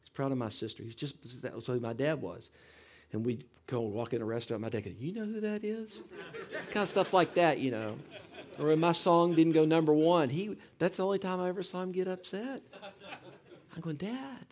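Earnest man telling a heartfelt story. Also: a little high. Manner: earnest, halting with many restarts, swings from hushed to animated. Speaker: speaker sharing a personal story.

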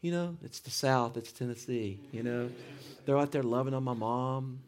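A man's voice: mid-range voice, slight background noise. Earnest man telling a heartfelt story. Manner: earnest, halting with many restarts, swings from hushed to animated. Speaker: speaker sharing a personal story.

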